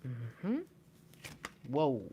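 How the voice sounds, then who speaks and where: A young woman giving a live intuitive tarot reading into a plugged-in microphone, excitable and often repeating herself. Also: very deep voice, very slow, dull audio, slight background noise. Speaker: tarot reader.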